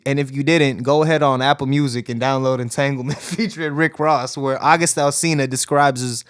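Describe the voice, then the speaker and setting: A man's voice: medium pitch, steady tone, fairly quick, smooth. A young man co-hosting a podcast in casual chat, laid-back, swearing often and laughing. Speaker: podcast co-host.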